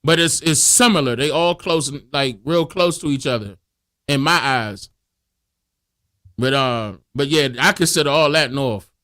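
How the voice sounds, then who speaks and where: A man talking casually in heavy slang, explaining his views at length in a relaxed way. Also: fairly high pitch, measured pace. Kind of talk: casual conversation.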